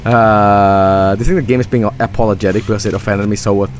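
A man's voice: on the low side, steady tone, fast, slight background noise. A man with a Swedish accent, a native Swedish speaker, giving rambling, joking commentary over a game stream and swearing freely.

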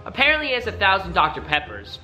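A male vlogger talks in a hyper, dramatic style, his pitch leaping around with every exclamation. His voice is bright and sharp, and faint music plays behind him. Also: huge pitch swings, fast. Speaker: YouTube host. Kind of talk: excited reaction vlog.

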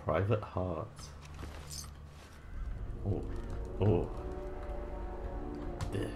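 A man's voice: low-pitched, very slow, dull audio, over music. A man giving casual gameplay commentary, tossing off jokes and swearing asides. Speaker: gamer. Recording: background noise.

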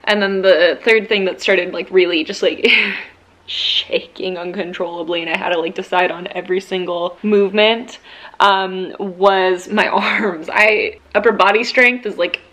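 A woman's voice: medium pitch, fairly even intonation, moderate pace, a bit bright. Chatty young woman vlogging at home. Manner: chatty, rambling, laughing often. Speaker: book vlogger. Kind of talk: casual vlog chat.

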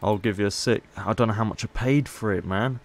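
A man's voice: on the low side, a little fast. Chatty man commentating a game. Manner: chatty, playful, haggling asides. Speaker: gaming YouTuber. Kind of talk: casual gameplay commentary.

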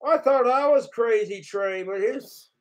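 A man's voice: very high-pitched, unhurried. A man hosting his livestream, ranting casually and profanely, acting out the lines of others. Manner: profane, boastful, acts out quoted lines. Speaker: livestream host.

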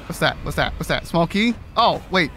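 A man's voice: fairly high pitch, expressive, moderate pace, sharp tone, slight background noise. A man streaming a horror game, swearing, exasperated and repeating himself in panic. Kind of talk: live gameplay commentary.

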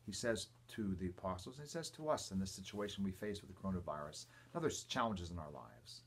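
An older man, a priest, reading the gospel and a homily in a measured, reverent way, with emphatic quotes and quiet asides. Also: low voice, big pitch swings, slight background noise. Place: church or home, livestream.

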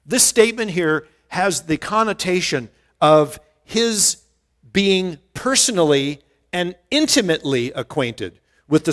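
Man, pastor, fairly high voice, earnest Bible teaching, climbs louder for emphasis, stumbles and repeats words. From United States. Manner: rises in pitch and volume for emphasis.

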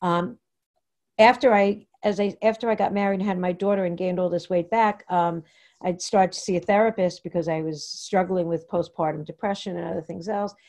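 A woman from Long Island telling her own recovery story at an online meeting, halting and rambling with many fillers and restarts. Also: lowish voice, steady tone, darkish tone. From New York, Long Island. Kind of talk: personal share at a Zoom meeting. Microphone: computer mic on a video call.

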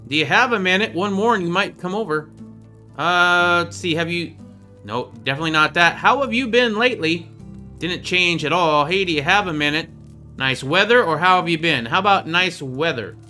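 A man with a high, bright, forceful voice gives casual gameplay commentary as the show's host. He is chatty and playful and pokes fun at himself. Faint music plays underneath him. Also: expressive, brisk. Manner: chatty, playful, jokes at his own expense. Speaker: gaming video host.

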